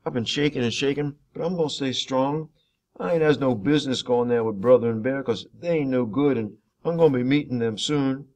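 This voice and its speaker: A man reading a novel chapter aloud in first person, in a steady, unhurried storytelling way. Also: mid-range voice.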